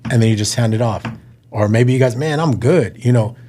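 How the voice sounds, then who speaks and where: A man's voice: fairly low pitch, fast talker. A man in his thirties, a restaurant owner, chatting casually as a podcast guest and acting out little phone conversations. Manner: relaxed, acts out little phone conversations in quotes. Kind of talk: casual chat.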